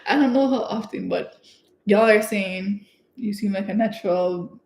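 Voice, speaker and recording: A young woman from Canada, chatting excitedly and giggling as she hosts her own livestream. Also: mid-range voice, normal speed. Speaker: livestream host. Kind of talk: casual livestream chat. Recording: echoey room.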